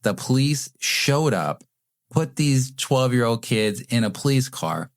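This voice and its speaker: A man's voice: mid-range voice, animated, measured pace, dry recording, studio quality. A man co-hosting a podcast, rambling through a casual story with lots of fillers and restarts. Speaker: podcast co-host.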